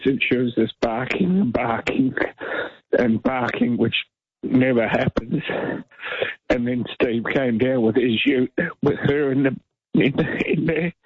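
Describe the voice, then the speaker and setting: A man's voice: mid-range voice, husky, no room sound, muffled recording. Emotional man calling in. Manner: emotional, halting, repeats himself. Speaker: caller. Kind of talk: talkback radio call.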